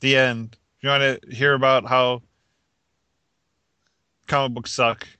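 Male podcast co-host, casual rambler, bright tone, dry close sound. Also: medium pitch, level tone, a little slow, clean tone, dry recording. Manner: rambling, frequent restarts, laughs at own jokes. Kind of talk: casual chat.

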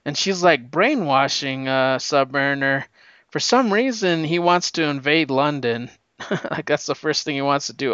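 A man recapping a comic issue in a casual, excited, rambling way, with lots of fillers. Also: fairly high pitch, measured pace, smooth, no echo, muffled recording. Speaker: comic book reviewer.

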